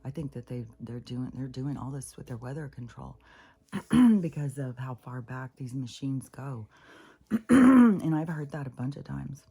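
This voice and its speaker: Husky gravelly woman vlogging, rambly and cussing a lot, drops to whispers sometimes. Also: rumbling low, animated, measured pace, warm tone. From Pacific Northwest of the US. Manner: profane, irritated venting, trailing into whispers. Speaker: spiritual vlogger. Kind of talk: rambling casual monologue.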